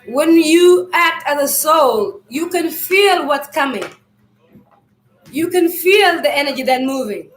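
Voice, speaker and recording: Woman, high voice, loud, rambling, spiritual live stream, clears throat often, echoey room. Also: animated, slow, faint music behind. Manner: loud, loose and rambling, speaks to viewers as family.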